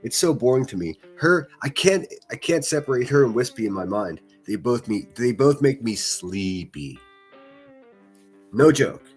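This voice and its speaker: A man's voice: mid-range voice, lively intonation, measured pace, soft background music. A man hosting a livestream, reacting to clips with mocking, profane, sarcastic commentary.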